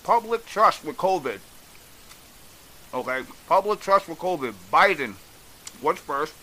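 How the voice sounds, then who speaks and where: Bright-voiced guy ranting, blunt and swearing, a bit high, faint hiss. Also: rough recording. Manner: exasperated, blunt, swears freely. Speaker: commentator. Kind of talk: casual opinion rant.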